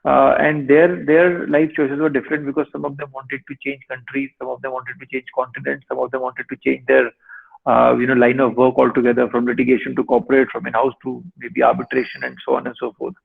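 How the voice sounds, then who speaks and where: A male lawyer in his thirties, giving measured advice in a webinar over a video call. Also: mid-range voice, flat delivery, creaky, breathy edge. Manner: measured, advisory. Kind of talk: webinar answer. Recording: tinny online call audio.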